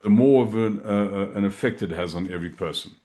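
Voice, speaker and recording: Very deep-voiced man guiding a meditation. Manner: slow, soft-spoken, calm guiding voice. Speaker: shaikh leading guided meditation. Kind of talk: guided meditation and dhikr instruction.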